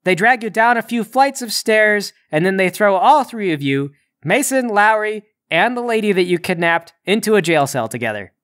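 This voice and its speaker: A man runs a tabletop role-playing game, narrating the action with animated, theatrical energy. His voice sits fairly high for a man. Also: moderate pace, few pauses. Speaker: game master.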